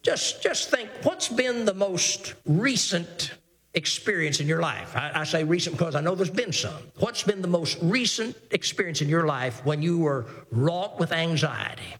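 A man with a notably high voice preaches a sermon. He reads old scripture in a measured, deliberate cadence, then presses his points with repeated phrases and rhetorical questions to his listeners. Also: lively intonation, fairly bright tone, long reverb tail.

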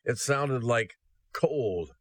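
A man preaching a sermon, telling a story aloud in an earnest, slow and solemn way. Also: medium pitch, lively intonation, no echo. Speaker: ministry host.

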